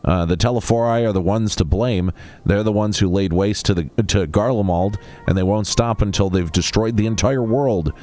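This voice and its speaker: A man's voice: lowish voice, normal speed, a little mellow, soft background music, natural voice. A man reading aloud the lines of an earnest, diplomatic young male scholar in a video game, reassuring and careful with small stumbles.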